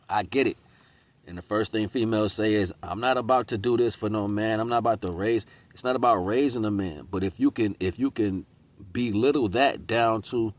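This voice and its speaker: Man, middle-aged, slightly low voice; loose preachy monologue, slangy. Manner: preachy, street slang, repeats "you know what I'm saying". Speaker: host. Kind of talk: casual spiritual monologue.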